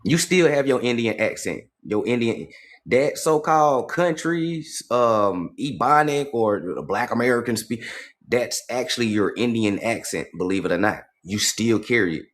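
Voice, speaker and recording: A man's voice: mid-range voice, animated, normal speed, a bit bright. A man hosting a casual livestream, reading passages aloud and commenting on them in streetwise slang, with profanity and points repeated for emphasis. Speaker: livestream host.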